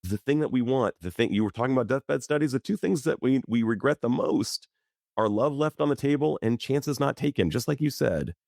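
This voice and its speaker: A man who works as a psychologist, speaking as a guest in a conversational podcast interview and telling stories in a lively, expressive way. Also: mid-range voice, brisk, gravelly, no echo, studio quality.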